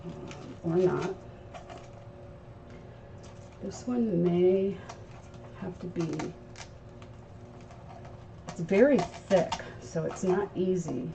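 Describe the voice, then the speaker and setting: A woman's voice: fairly low pitch, extremely slow, creaky, long pauses, distant mic. A woman hosting a live crafting tutorial, chatting to her viewers as she works at her craft table. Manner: chatty, instructive, talks to viewers while working. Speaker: craft show host. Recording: dull sound from off-mic with faint noise.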